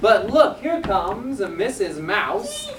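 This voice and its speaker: A woman narrating a children's stage play, telling the story slowly and clearly while cueing the young performers. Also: mid-range voice, huge pitch swings, a crowd in the background. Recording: echoey stage from far off with music.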